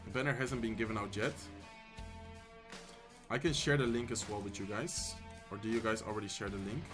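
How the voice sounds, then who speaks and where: A man's voice: fairly low pitch, over music. Dutch man calling a game match live. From Netherlands. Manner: excited fast play-by-play calls that give way to relaxed, soft chat replies. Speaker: streamer and tournament caster. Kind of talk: live-stream esports commentary and chat reading.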